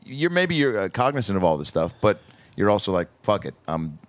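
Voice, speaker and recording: Low-voiced man bantering on a podcast. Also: sing-song, no echo. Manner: quick reactions and teasing asides. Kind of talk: casual podcast chat.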